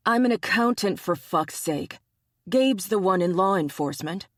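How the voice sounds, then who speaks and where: Narrator voicing a blunt, stubborn young bear shifter. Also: male voice, high voice, lively intonation, normal speed, a bit bright, no echo, studio quality. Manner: blunt, defensive, swears.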